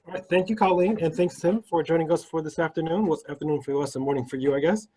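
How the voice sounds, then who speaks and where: Guy wrapping up an online event, mellow slightly high voice, lots of ums. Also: fast, husky, rough recording. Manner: casual, many "um" fillers. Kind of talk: closing announcements.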